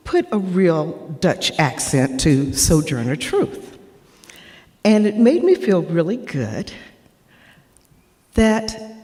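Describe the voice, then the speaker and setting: A woman's voice: mid-range voice, warm tone, long reverb tail. A woman giving an earnest, heartfelt personal tribute at a memorial, speaking as a former actor and student. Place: performing arts center stage.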